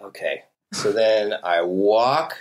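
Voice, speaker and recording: A man's voice: fairly low pitch, slow pace. A man telling a long story in casual talk, swearing often and acting out what people said. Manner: animated, profane, acts out quotes with voices. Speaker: podcast guest telling a story.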